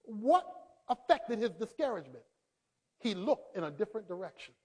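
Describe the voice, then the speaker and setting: Male preacher with a very high voice. Dramatic sermon delivery, quiet lows and shouted peaks. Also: big pitch swings, normal speed, husky. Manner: swings between quiet low asides and shouted emphasis; dramatic, acts out quoted speech.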